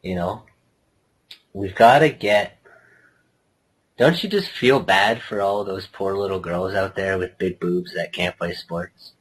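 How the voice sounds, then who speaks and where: A man co-hosting a casual late-night podcast with dry, deadpan remarks. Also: low-pitched, slow, long pauses, husky, low-quality recording. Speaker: podcast co-host.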